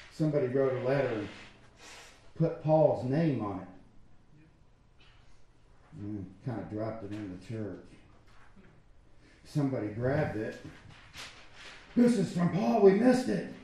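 A man's voice: medium pitch, a little slow, long pauses, a little mellow, slight background noise. A man preaching a sermon as pastor, talking conversationally and acting out quotes from people. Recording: echoey church hall.

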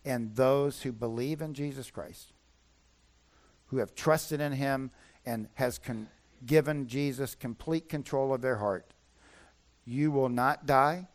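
A man's voice: mid-range voice, slow pace. A man preaching a sermon as pastor, emphatic and repeating his key points.

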